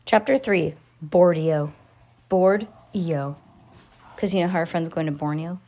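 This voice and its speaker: A woman's voice: lowish voice, quick pace, darkish tone, slight background noise. A woman in her thirties, a mother hosting a podcast, chatting with her child and reading a children's book aloud in a giggly, talkative way.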